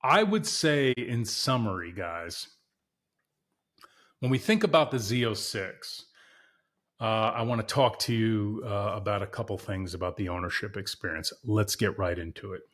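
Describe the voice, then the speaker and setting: A man's voice: lowish voice, unhurried, fairly bright tone. A man hosting a podcast, chatting casually and candidly to viewers about his car, emphatic and repeating himself for emphasis. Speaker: podcast host.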